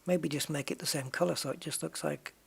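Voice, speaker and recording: A man chats casually on a game stream, thinking aloud and tossing jokes to his viewers. His voice sits a touch high for a man, with a gravelly, husky edge. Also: steady tone, fairly quick, fairly bright tone. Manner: musing aloud, chatty, jokey asides to viewers. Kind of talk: casual live-stream chat.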